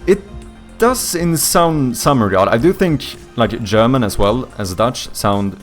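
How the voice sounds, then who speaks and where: At a measured pace, a young streamer and indie developer from Sweden talks with his live audience in a mid-range, expressive voice, faint music behind him. He speaks English with a slight accent from his native Swedish, rambling loosely, groping for words, and swearing here and there.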